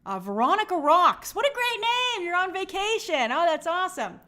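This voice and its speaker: A woman's voice: very high-pitched, big pitch swings, moderate pace, pushed and bright. A woman hosting a live stream, chatting casually and greeting viewers by name in an upbeat, friendly way.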